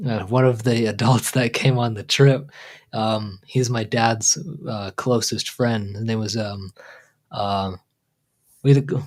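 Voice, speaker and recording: A man hosting a casual livestream, rambling and stop-start, trailing off into fillers and chuckling as he jokes along. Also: fairly low pitch. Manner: laid-back, joking, chuckles often. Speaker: livestream host.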